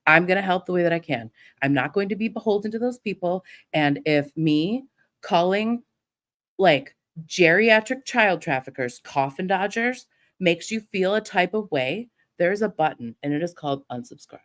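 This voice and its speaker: A middle-aged woman ranting through a livestream, swearing freely and defiant. Now and then she mocks her critics in sneering imitations. Her voice sits slightly low for a woman. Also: expressive, normal speed. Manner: profane, defiant, mocking imitations. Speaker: livestream host. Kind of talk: heated livestream rant.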